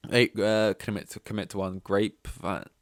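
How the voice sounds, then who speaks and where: Male solo podcast host, lowish voice, rambling and joking, dead-dry recording. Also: little pitch movement, moderate pace, no echo. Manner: rambling, self-interrupting, joking asides. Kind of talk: casual solo podcast chat.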